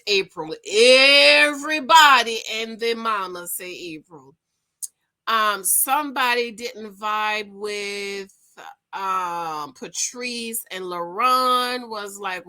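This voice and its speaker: A woman casually recapping a reality dating show to her viewers, animated and gossipy, calling them "girl". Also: mid-range voice, slow.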